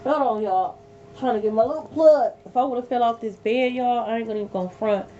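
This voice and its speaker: A woman's voice: a little high, fairly quick, dark tone. A woman giving a live tarot reading from her bed, blunt and profane, repeating her points for emphasis. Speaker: tarot reader. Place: sitting on a bed at home. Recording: dull lo-fi audio with faint hum.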